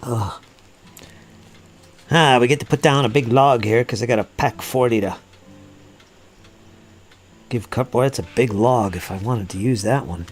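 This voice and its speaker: A man's voice: mid-range voice, a little slow, long pauses. A man hosting a casual hobby live stream, muttering to himself as he works on terrain and reading viewer comments aloud. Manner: chatty, muttering to himself while working, reading chat aloud. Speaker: hobby channel host.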